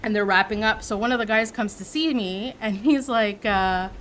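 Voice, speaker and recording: Animated storytelling woman streamer. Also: mid-range voice, moderate pace, slight background noise. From Quebec. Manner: animated, acts out quoted voices. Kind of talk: casual storytelling to chat.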